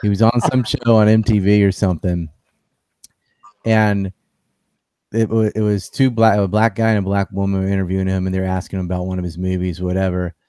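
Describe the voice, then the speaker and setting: A man's voice: low voice, flat delivery, fairly quick, warm tone, clean tone, dry recording, studio quality. A man hosting a casual political chat, blunt and sardonic, often breaking into mocking impressions.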